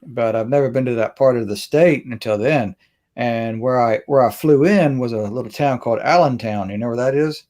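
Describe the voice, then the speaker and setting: A man's voice: medium pitch, normal speed, a little mellow. A man from Mississippi, hosting a casual video call and telling a rambling, self-interrupting story with laughs. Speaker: host. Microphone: webcam or phone on video call.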